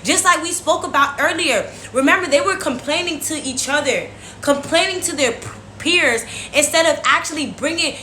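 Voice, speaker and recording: A young woman hosting a casual Bible devotion, talking straight to her viewers in an animated, chatty way. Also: sits high, normal speed, a little hiss or hum. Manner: animated, talks to viewers as "y'all". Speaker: devotional host.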